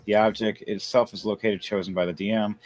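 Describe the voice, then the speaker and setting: A man narrating a tabletop game as game master, lively and building up each scene. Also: lowish voice, brisk.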